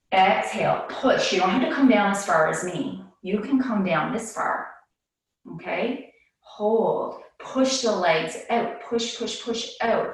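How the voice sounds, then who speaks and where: A woman leading a yoga class, calmly cueing breaths and movements, a little out of breath. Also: mid-range voice, heavy reverb, far from the mic, rough recording. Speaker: yoga instructor. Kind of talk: guided yoga class instruction.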